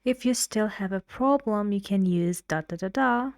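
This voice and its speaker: A woman's voice: medium pitch, normal speed, clear, resonant tone, no room sound, clean studio sound. A woman teaching English pronunciation, patiently giving instructions and drilling syllables aloud. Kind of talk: slow, careful classroom instruction.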